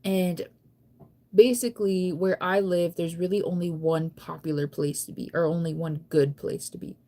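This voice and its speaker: Chatty young woman telling a story, lowish voice. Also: fairly even intonation, moderate pace, dark tone. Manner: chatty, rambling, heavy use of "like". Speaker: vlogger. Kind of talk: casual storytime chat.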